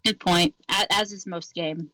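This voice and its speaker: Podcast co-host, teasing one-liners, bright tense voice, dry close sound. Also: medium pitch, steady tone, no room sound. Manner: teasing, quick quips. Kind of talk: casual chat interjections.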